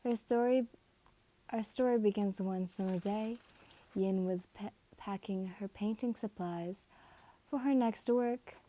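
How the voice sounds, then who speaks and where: Woman reading a fan fic out loud, mellow warm voice, trips over words and fixes them. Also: medium pitch, a little slow. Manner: casual reading with stumbles and self-corrections. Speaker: reader. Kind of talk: amateur fan story reading.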